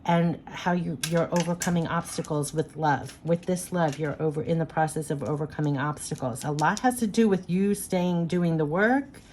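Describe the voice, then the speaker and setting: Low-voiced woman giving a card reading. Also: fairly even intonation, normal speed, hardly any pauses, a little mellow, slight background noise. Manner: soothing, repetitive, affirming. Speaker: spiritual card reader.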